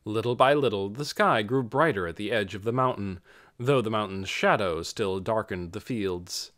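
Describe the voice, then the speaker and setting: A man's voice: fairly low pitch, normal speed. A man reading an audiobook chapter aloud as its narrator. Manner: expressive storytelling. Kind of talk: scripted narration.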